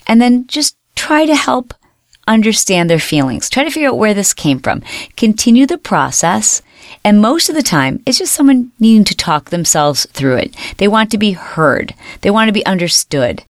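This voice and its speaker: A woman's voice: medium pitch, very animated, normal speed, no echo, clean studio sound. A woman hosting a self-help podcast, coaching listeners and repeating example phrases aloud. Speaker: podcast host.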